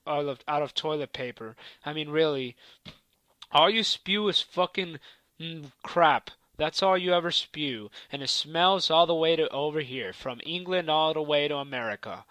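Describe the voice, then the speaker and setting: A cocky man trash-talking his rivals in a wrestling promo, taunting and profane. His voice sits a bit high and pushes out hard and forceful. The recording is dry and close, with no room sound. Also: no room sound.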